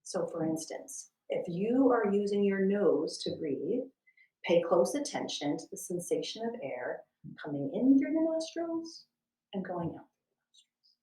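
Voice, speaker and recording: Woman, guided meditation, soft and slow, roomy sound, far from the mic. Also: medium pitch, sing-song. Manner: slow, soft and soothing, drifting into whispers. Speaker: wellness instructor. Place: at home, landscaper heard outside.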